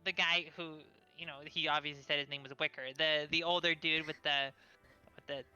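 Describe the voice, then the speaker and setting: A woman's voice: deep voice, brisk, smooth, highs cut off, soft background music. A woman narrating a tabletop game as game master, giggly and chatty. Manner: giggly, lively, chatty with fillers.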